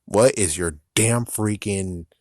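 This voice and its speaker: Recorded dry with clean studio sound, a lowish, darkish male voice speaks slowly in a rant vlog about video games. The young commentator is furious and profane, mocking the fans who anger him through quoted impressions.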